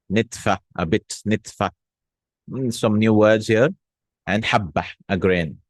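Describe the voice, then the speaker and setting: A man with a lowish voice teaches a casual language lesson, recorded close and dry. He says each word slowly and repeats it, and keeps checking in with little "hmm?" and "no?" prompts. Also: no echo. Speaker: Arabic teacher.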